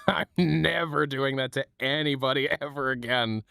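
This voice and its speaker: A man's voice: mid-range voice, moderate pace, vocal fry, bright, forceful tone, smooth. A man hosting a livestream from home, chatting casually, joking, swearing and laughing often. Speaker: livestream host. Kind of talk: casual chat.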